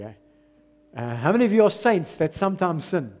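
A South African man preaching a sermon as pastor, slipping into Afrikaans phrases, swinging between loud rises and quiet, low drops. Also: huge pitch swings, fairly quick.

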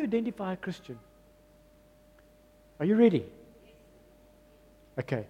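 A man preaches a sermon, his voice high for a man, mellow and a little husky. He drives his points home by repeating phrases. The long reverb of a church hall trails behind him. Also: animated, moderate pace, dull audio. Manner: emphatic, repeats phrases, mixes in Afrikaans. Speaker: pastor.

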